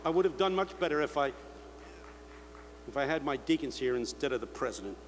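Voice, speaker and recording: Animated older man preaching in a hall. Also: mid-range voice, fairly quick. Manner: storytelling, mimicking shouts of others. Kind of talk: sermon. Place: large convention hall. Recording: echoey hall with faint hum.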